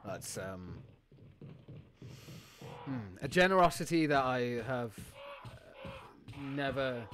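A man talks loosely over a live game stream, circling back on himself, dropping swear words and breaking into laughs. His voice sits at an ordinary middle pitch, and the recording carries steady background noise from a home setup. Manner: rambling, sweary, grateful, laughs often. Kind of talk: live gameplay stream chat.

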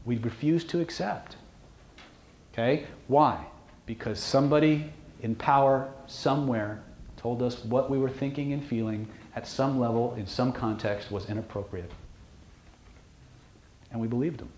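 In an echoey seminar room with faint noise, a man gives a casual live lecture on hypnosis and lie detection, blunt and joking and often asking "okay". His medium-pitched, slightly mellow voice is a little slow, with long pauses.

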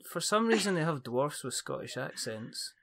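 A man hosts a relaxed podcast conversation. He talks in loose, rambling sentences that are full of filler phrases. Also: fairly high pitch, normal speed, vocal fry. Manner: rambling, many "you know" and "kind of" fillers. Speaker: podcast host. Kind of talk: casual chat.

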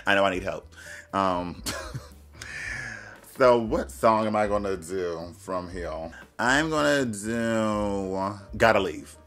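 A man's voice: fairly low pitch, slow pace, a bit bright. A young man giving casual music reaction commentary, gushing and slangy, breaking into snippets of the songs he plays. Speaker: YouTube reviewer.

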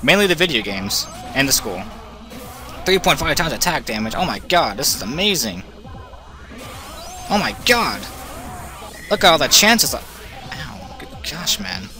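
A man with a fairly high voice gives running commentary on a video game he is playing. He is excitable, yelling orders at the character and cheering when things go well. Loud game music plays behind him the whole time. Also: normal speed, pauses often. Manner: excitable, talks to the game character, swings between groans and cheers. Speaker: let's play commentator. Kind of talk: casual gameplay commentary.

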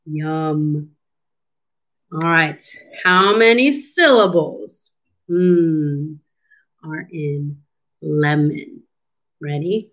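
A woman reads a picture book aloud to small children, very slowly and with a lot of pause. Her pitch swoops up and down with lively, teacherly expression. She keeps asking the listeners questions and waits for their answers. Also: rough recording. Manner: slow, animated, questioning children and pausing for answers. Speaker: speech therapist reading a storybook. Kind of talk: read-aloud storytime lesson for children.

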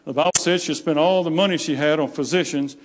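A man's voice: on the high side, fast talker. A man preaching a sermon, telling stories plainly and acting out the voices he quotes. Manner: plain storytelling, acts out quoted voices, repeats phrases. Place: church sanctuary. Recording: long hall reverb.

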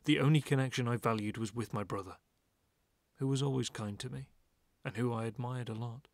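A man narrating an audiobook in a calm, measured reading. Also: medium pitch, no room sound.

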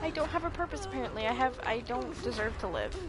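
Excitable young woman streamer, swearing. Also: fairly high pitch, fast. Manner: excitable, swears a lot, dramatic outbursts. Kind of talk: casual gaming chat.

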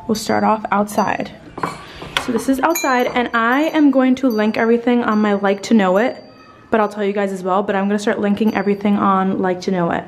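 A young woman vlogs from inside her home, her mid-range voice set against some background noise. She rambles and chats casually, swearing now and then, and sounds tired and slightly out of breath.

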